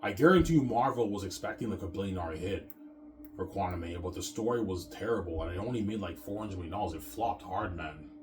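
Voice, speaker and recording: A man's voice: sits low, fast, background noise. A man in a casual rant to his viewers, rambling and stammering, repeating the same filler words and swearing often. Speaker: vlogger.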